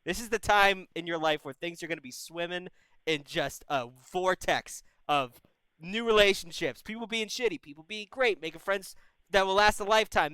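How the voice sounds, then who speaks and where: A young man hosts a call-in advice stream in a casual, older-brother way, blunt and heavy on the swearing. His voice comes across bright, smooth, and a bit high for a man. The recording is close and dry, and the audio quality is poor.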